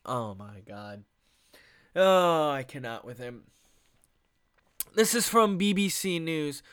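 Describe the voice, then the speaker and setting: A man's voice: on the high side, lively intonation, slow, fairly bright tone, clean tone. A young man reading news aloud and ranting about it in profane, exasperated commentary, laughing often. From United States. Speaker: vlogger.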